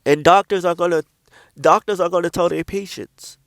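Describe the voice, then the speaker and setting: High-voiced guy preaching casual on his vlog, blunt, swears a lot, says stuff twice, dry close sound. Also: steady tone, normal speed, dry recording. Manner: blunt, profane, repeats himself for emphasis. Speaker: Christian speaker.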